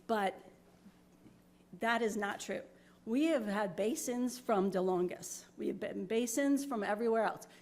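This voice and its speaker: A woman's voice: mid-range voice, a little slow, a little mellow. A woman resident from New York, making an emotional public comment at a town board meeting, apologetic but insistent, at a podium microphone.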